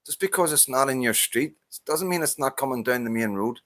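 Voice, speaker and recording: A medium-pitched, animated voice, a little fast and a bit bright, belongs to a Northern Irish vlogger responding to a viewer. In this dry recording he rants casually and heatedly to camera, swearing often and tripping over restarts.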